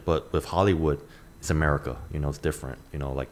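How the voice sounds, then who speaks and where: Deep-voiced man chatting offhand. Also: fast, slight background noise. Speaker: podcast panelist. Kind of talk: casual podcast chat.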